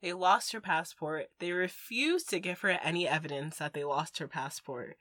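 A woman's voice: sits low, lively intonation, normal speed, a bit bright, dry recording. A young woman co-hosting a podcast, telling exasperated travel stories and mimicking the people she met. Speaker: podcast co-host. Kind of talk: casual chat.

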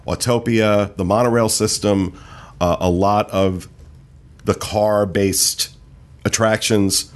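A man hosting a casual podcast, reading out park news in a relaxed way with many fillers. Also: deep voice. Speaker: podcast host. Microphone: studio mic.

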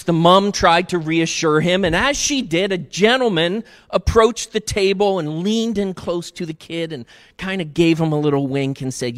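A man's voice: high voice, moderate pace. A man preaching as a pastor, telling stories in a chatty, upbeat way. He addresses his church congregation directly. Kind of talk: sermon. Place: church sanctuary. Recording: long reverb of a church hall.

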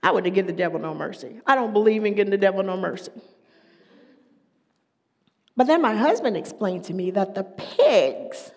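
A middle-aged woman preaching a sermon, moving between hushed whispers and loud, emphatic passages. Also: mid-range voice, animated, normal speed. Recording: long echoey hall reverb.

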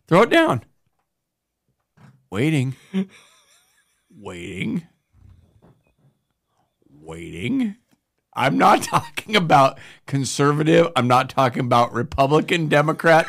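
High, lively teasing man. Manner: teasing, playful, animated. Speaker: podcast co-host. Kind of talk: casual chat.

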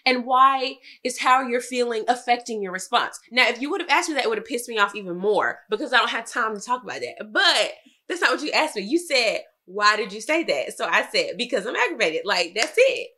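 A young woman co-hosting a casual chat, telling a lively story and acting out both sides of an argument with her husband. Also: brisk. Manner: animated storytelling, quoting her husband, rising to high exclaims. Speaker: podcast co-host.

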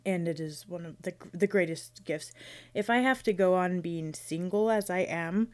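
A woman in her thirties talks through her own podcast in a relaxed, chatty way. Her voice sits a little low, and she rambles playfully, restarting her sentences as she goes. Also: normal speed. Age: 30s. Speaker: podcast host. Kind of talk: casual solo podcast chat.

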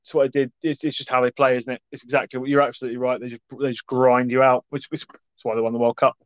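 A man rattles along at a quick clip in a casual sports chat, blunt and sweary in his banter. His voice sits in a middle register. The sound is dry and a little dull, like a lo-fi recording. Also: mid-range voice, flat delivery, no echo. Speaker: podcast co-host.

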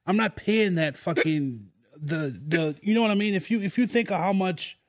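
A man's voice: sits high, expressive, moderate pace, no echo, clean studio sound. A man hosting a casual podcast chat among friends, talking emphatically and swearing freely. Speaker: podcast host.

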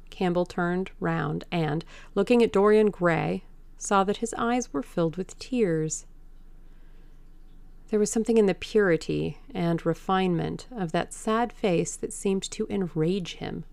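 A woman narrating an audiobook in a measured, deliberate way. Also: lowish voice, gravelly, no room sound.

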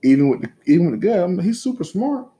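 Mellow-voiced man telling stories. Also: high voice, racing. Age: 30s. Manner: teasing, animated storytelling with profanity. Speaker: podcast co-host. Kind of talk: casual chat.

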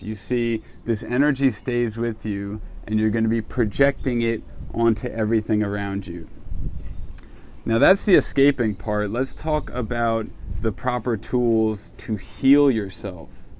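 A man's voice: medium pitch, a little mellow. A man giving a casual, reflective self-help monologue, candid and swearing freely. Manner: candid, swears casually, acts out his own reactions.

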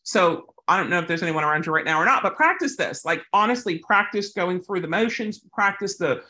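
Speaking fairly quickly with a sharp tone and a lowish voice, this woman handles service dogs and takes on a viewer's question. The vlog is casual advice, and she rambles chattily, going off on many tangents.

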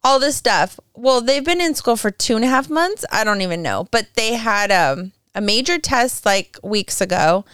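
Chatty mother with a bright, clear voice. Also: a little high, animated, normal speed, few pauses, dry recording, studio quality. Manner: rambling, laughs often, acts out her kids' lines. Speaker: podcast co-host. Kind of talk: casual chat.

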